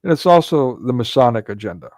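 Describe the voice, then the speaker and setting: A man's voice: medium pitch, big pitch swings, fast, darkish tone, no echo. A man hosting a casual livestream commentary, talking in a rambling way with frequent restarts and filler words. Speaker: livestream host.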